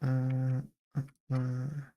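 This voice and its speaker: Very deep-voiced woman musing slowly. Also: monotone, highs cut off. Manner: thinks aloud, trails off and restarts, chuckles. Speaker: streamer and software developer. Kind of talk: casual live-coding stream chat.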